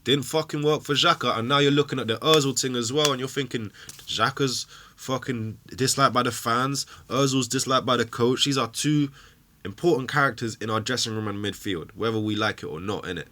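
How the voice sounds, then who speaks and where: Angry man ranting, bright voice. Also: mid-range voice, a little fast. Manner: angry, swearing, emphatic rant. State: emotional. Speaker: football fan show host. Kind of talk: ranting fan commentary.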